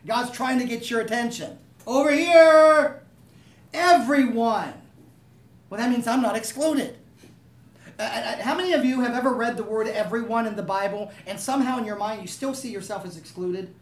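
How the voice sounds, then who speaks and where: A pastor preaches a sermon in a very high, slightly fast voice, speaking conversationally and asking the congregation to agree with him. He sounds distant, and the room is echoey.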